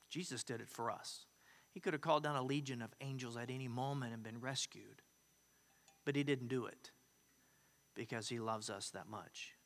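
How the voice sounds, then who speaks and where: A man preaching a sermon as a pastor, swinging between emphatic loud declarations and hushed, quiet asides. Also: a little high, in a large hall.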